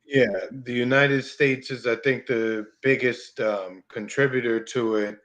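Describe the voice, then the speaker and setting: Slow, drawling man, co-host, sarcastic edge, mid pitch. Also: steady tone, fairly bright tone. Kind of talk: casual political talk.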